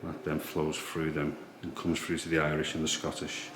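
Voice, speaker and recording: A man quietly explaining history as he walks visitors through a museum in an old priory. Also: completely flat delivery, moderate pace. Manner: hushed, low-key explaining. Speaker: history tour guide. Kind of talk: walking tour vlog. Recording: echoey room with background noise.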